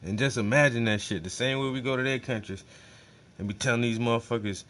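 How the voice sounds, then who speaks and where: A man's voice: mid-range voice, quick pace, a bit bright. A man hosting a livestream, reacting to a speech in loose, slangy, profane talk that often repeats itself. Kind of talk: casual livestream commentary.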